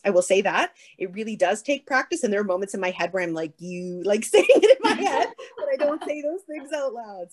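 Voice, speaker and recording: A woman answering a question as a keynote speaker, earnest and firm, with a lively, animated way of talking. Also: lowish voice. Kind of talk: conversational answer on stage.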